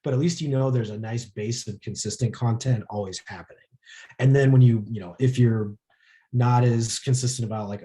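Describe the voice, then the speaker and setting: Mellow-voiced man leading a workshop. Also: medium pitch, a little fast. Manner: relaxed, lots of filler words. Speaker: social media workshop presenter. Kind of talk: informal workshop presentation.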